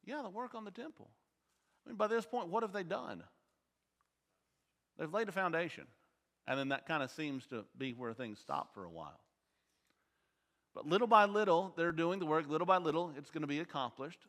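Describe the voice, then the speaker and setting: Bright-voiced man teaching a Bible class. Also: fairly high pitch, lively intonation, moderate pace, pauses often. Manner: quizzes the class with questions. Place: church auditorium. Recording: long hall reverb.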